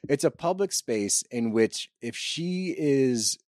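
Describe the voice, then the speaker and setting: A man co-hosting a casual recap podcast, animated and sarcastic, swearing freely. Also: medium pitch, slow pace, no room sound, clean studio sound. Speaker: podcast co-host.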